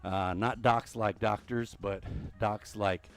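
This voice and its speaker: A man's voice: lowish voice, fairly even intonation, slow pace, creaky. A middle-aged man hosting a casual gaming stream, chatty and joking, with lots of fillers. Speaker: streamer and host.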